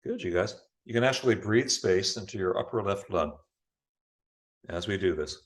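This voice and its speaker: A man with a fairly low voice leads a yoga class over a video call. He gives slow, calm cues about breath and posture, speaking in an unhurried, encouraging way. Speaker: yoga teacher. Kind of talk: guiding a live online yoga class.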